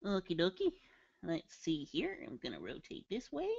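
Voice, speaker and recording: A man's voice: high voice, wildly swooping pitch, normal speed, vocal fry, darkish tone, breathy edge, no echo. A man casually chatting with viewers during a live drawing stream, playful and jokey. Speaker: caricature artist streaming live. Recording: dull lo-fi stream audio.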